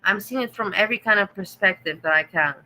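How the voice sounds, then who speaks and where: A woman's voice: medium pitch, fast talker, sharp tone, rough recording. A woman with a German accent hosting a casual livestream, reading the chat and answering viewers with sarcastic teasing.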